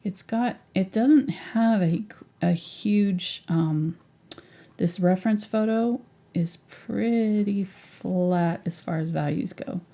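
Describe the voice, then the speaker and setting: A woman's voice: mid-range voice, slow, dark tone. A woman teaching a live painting tutorial in a chatty way, thinking aloud and sometimes whispering to herself. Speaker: painting instructor.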